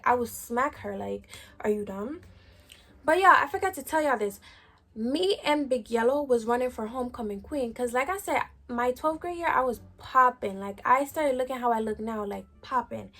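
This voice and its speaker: Young adult woman, high voice, casual slangy storytime vlogger. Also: a bit bright. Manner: slangy, chatty, lots of "like" fillers.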